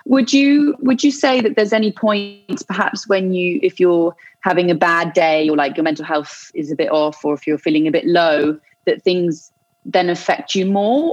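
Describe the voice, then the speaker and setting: Woman podcast host, lowish voice, halting questions, dry muffled recording. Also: darkish tone, no echo. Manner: rambling, hesitant questions with repeated restarts. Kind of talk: interview questions. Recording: dry, dull lo-fi sound.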